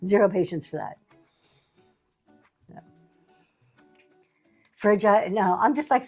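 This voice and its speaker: A woman's voice: mid-range voice, lively intonation, slow pace, faint music behind. A middle-aged woman hosting a livestream sale, chatting casually with a sassy, laughing manner. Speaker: livestream seller host. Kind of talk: casual chat.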